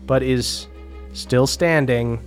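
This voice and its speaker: A man narrating a tabletop game as game master, quick and often laughing. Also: mid-range voice, soft background music.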